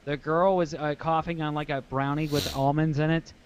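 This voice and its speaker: Rowdy, profane man, slightly raised pitch. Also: flat delivery, moderate pace, a loud crowd. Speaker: podcast co-host, stand-up comedian. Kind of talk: casual podcast chat.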